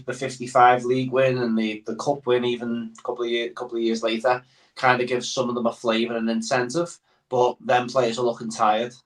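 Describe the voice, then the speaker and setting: A man chatting as a guest on a football podcast, rambling with many fillers. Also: mid-range voice. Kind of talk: casual football podcast chat. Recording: voice somewhat far from the mic.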